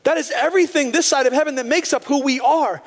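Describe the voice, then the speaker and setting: A male pastor preaching a sermon with passion, slowing down to stress key phrases. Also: extremely high pitch. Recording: long hall reverb.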